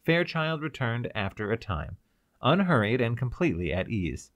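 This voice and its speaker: A man narrating an audiobook in a steady storytelling voice with a lively melody. The sound is close and dry, with no room around it. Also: medium pitch, normal speed, no room sound, muffled recording.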